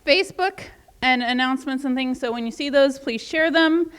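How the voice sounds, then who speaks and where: Woman, high-pitched, bubbly and excited, church youth announcement. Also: normal speed, clear, resonant tone, big-room sound. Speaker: youth group leader. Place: church sanctuary.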